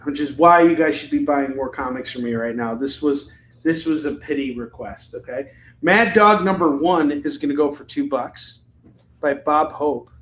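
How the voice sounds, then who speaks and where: A man's voice: a little high, normal speed, a bit bright, echoey room, a little hiss or hum, poor audio. A man hosting a live comic book sales stream, chatting casually in a rambling, jokey way.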